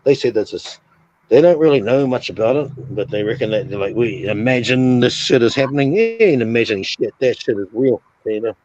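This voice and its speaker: A man's voice: medium pitch, big pitch swings, brisk. A man telling a sleep paralysis story on a casual stream, swearing a lot and acting out sounds and his own reactions. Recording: dull lo-fi stream audio.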